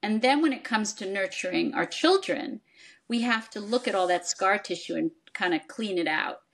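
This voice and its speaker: A woman's voice: mid-range voice, animated, normal speed, gravelly, fairly bright tone. An older woman, a psychoanalyst, explaining things in conversation and acting out quoted parents. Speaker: psychoanalyst guest. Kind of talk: expert conversation.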